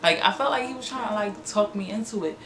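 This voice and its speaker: A woman's voice: mid-range voice, fast talker. A young woman telling a dramatic personal story as a vlogger, acting out the voices of the people in it. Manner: animated, dramatic storytelling with cursing and acted-out quotes. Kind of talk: storytime vlog. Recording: echoey room with music behind.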